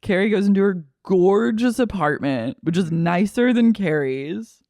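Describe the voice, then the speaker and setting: A man co-hosting a podcast in casual chat, tossing in wry, quick quips. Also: high-pitched, lively intonation, darkish tone, dry recording, clean studio sound. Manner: wry, fast quips over his co-host. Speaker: podcast co-host.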